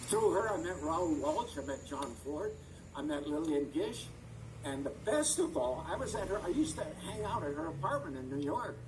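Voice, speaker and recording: Telling rambling stories on a video call interview, an older actor of stage and screen talks chattily and often searches for words. His fairly high voice is sing-song at a moderate pace, and he sits far from the mic against a noisy background.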